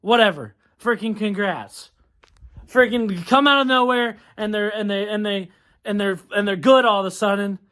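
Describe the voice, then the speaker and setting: A man's voice: high-pitched, moderate pace, pushed and bright. Exasperated young man ranting about football. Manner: exasperated, ranting, swears often. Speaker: sports vlogger. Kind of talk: venting halftime rant.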